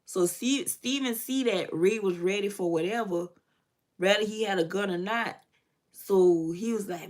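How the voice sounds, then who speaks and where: A woman's voice: mid-range voice, a little slow, a little mellow. Woman vlogger, casual storytelling over makeup, loose and chatty. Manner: loose and chatty, many fillers and asides. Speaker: beauty vlogger.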